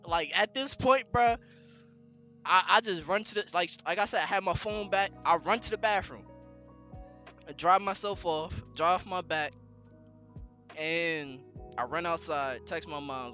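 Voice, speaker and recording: A man's voice: high voice, a little slow, soft background music. Young man telling a slangy story. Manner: slangy, animated storytelling with lots of fillers. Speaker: podcast co-host. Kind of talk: casual storytelling chat.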